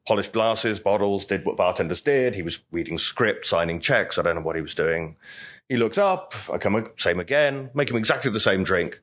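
Middle-aged bartender guest, rambling anecdotal storyteller, slightly low voice. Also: male voice, expressive, normal speed, fairly bright tone. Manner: chatty, anecdotal, lots of "you know". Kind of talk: storytelling interview talk.

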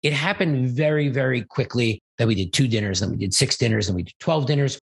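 Gravelly-voiced man telling a story. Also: mid-range voice, quick pace. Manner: rambling, animated, acts out quoted dialogue. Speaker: event organizer, interview guest. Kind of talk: casual storytelling in an interview. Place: Los Angeles.

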